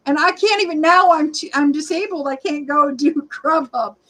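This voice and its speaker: A woman in her forties with a high, bright voice hosts a casual livestream as a rideshare vlogger, reading comments and greeting viewers by name. She is rambling and chatty with frequent fillers, speaks at a moderate pace, and sometimes runs short of breath; the audio is poor.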